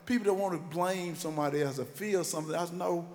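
A man from Georgia, telling emphatic, animated stories in a motivational faith talk. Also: on the high side, fast talker, in a large hall. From Georgia, USA. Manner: animated, emphatic storytelling with repetition. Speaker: motivational speaker.

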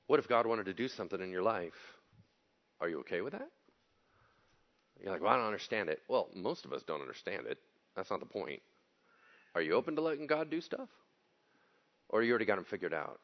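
A man's voice: fairly low pitch, big pitch swings, normal speed, pauses often, lo-fi sound. A man preaching a sermon as pastor, talking casually and bluntly and acting out the people he quotes.

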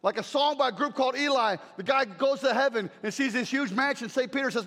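A man preaching a sermon as a traveling speaker, animated and emphatic, shouting key phrases. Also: very high-pitched, a little fast. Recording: echoey hall.

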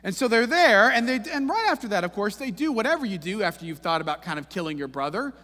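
A man's voice: sits high, big pitch swings, quick pace, bright, forceful tone. A man preaching a sermon in a church, telling the story conversationally with wry humor and frequent asides to the congregation. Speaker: pastor. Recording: long reverb of a large room.

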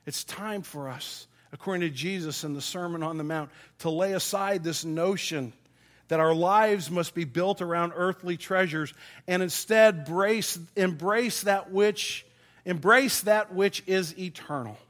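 A man's voice: high-pitched, a little slow, fairly bright tone. A middle-aged man preaching a sermon, folksy and self-deprecating, telling stories from his childhood to make his point. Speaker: pastor.

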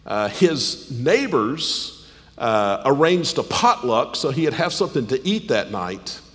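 Pastor guy preaching, kinda hoarse, voice swings way up and down, big hall echo. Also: big pitch swings, slow. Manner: emphatic, rising to high-pitched stresses then dropping low. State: slightly hoarse. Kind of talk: sermon. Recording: long hall reverb.

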